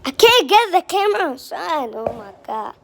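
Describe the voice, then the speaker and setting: A woman narrating a playful toy role-play, excitable and exclaiming. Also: high voice, a little hiss or hum. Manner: excitable, exclaiming, drawn-out words. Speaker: video maker playing with toys.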